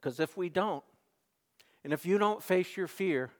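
A man preaching in a church sanctuary, his voice sitting a little high for a man. He is earnest, pushing to emphatic peaks before falling back to a quiet close. A long reverb from the hall trails every phrase. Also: expressive, measured pace. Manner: earnest, builds to emphatic peaks then drops soft. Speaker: pastor. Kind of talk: sermon.

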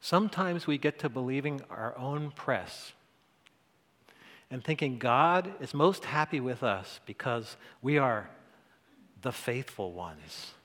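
Slow-speaking pastor in a reverberant hall. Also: male voice, mid-range voice, expressive, a bit bright. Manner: earnest, conversational preaching with rising emphasis. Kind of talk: sermon. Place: church sanctuary. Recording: long church hall reverb.

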